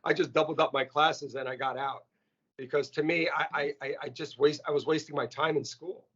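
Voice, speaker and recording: A man being interviewed as a restaurant chief, telling stories in a lively, casual way and often repeating words. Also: a little high, a little fast, husky. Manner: animated, repeats words when excited. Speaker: restaurant CEO, interview guest. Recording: muffled lo-fi audio.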